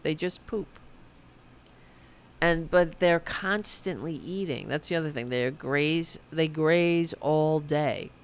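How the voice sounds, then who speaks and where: This is a middle-aged woman hosting a casual late-night podcast. Her voice is smooth and resonant with a gravelly edge. She talks slowly, rambling and self-mocking, and she swears freely. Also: deep voice. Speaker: podcast host.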